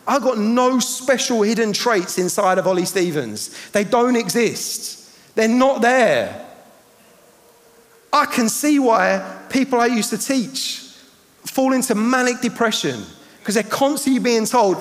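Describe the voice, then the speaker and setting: A man, preaching a sermon with passion, swinging between loud and hushed. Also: sits high, lively intonation, moderate pace. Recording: hall reverb.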